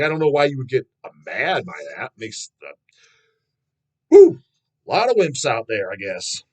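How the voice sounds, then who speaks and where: A man's voice: mid-range voice, poor audio. A man in his thirties who hosts his own channel, answering fan questions in a rambling, blunt monologue full of swearing. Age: 30s. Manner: profane, blunt, swears constantly, laughs at himself.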